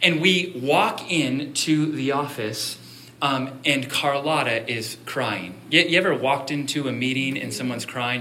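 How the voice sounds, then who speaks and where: A pastor preaching a sermon, telling a story in a conversational way and building to emphatic appeals. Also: male voice, medium pitch, a little slow, bright, forceful tone, slight background noise.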